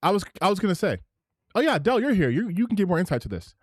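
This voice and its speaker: Animated, rambling male streamer. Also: high voice, quick pace, dry recording, studio quality. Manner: animated and rambling, with many restarts. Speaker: streamer host. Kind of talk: live reaction commentary.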